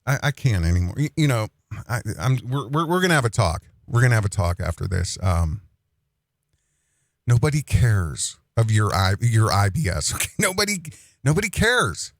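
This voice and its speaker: Lively, mocking male commentary host. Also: fairly low pitch, moderate pace, no echo, studio quality. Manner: mocking, rambling, repeats phrases. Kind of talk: casual online commentary.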